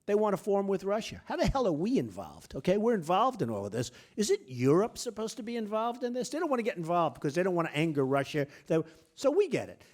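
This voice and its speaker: Boastful man, lively sing-song speech. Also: high voice, fast, hardly any pauses. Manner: boastful, repetitive, punchy short phrases. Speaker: guest speaker at a press luncheon. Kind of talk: speech delivered as casual anecdotes. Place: hall at a press club luncheon.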